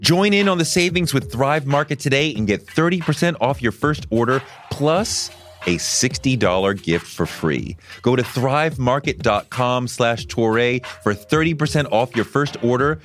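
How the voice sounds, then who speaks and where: A man hosting an interview show, asking questions and reading a sponsor ad in a measured way. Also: medium pitch, animated, fairly bright tone. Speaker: podcast host.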